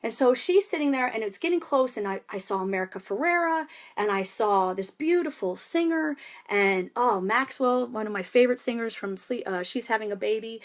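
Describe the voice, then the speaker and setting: A woman's voice: a little high, expressive, brisk, hardly any pauses. A woman giving a passionate, rambling political monologue in a vlog. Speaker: vlogger and protester.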